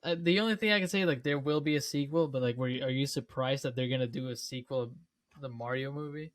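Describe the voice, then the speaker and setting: A young man co-hosting a podcast, chatting in a relaxed, halting way, often repeating words. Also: mid-range voice, no room sound, studio quality. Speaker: podcast co-host. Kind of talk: casual chat.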